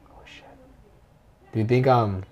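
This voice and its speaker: A man hosting a podcast in casual chat, joking, laughing and swearing freely, with a deep radio-style voice. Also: unhurried, darkish tone, muffled recording. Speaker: podcast host.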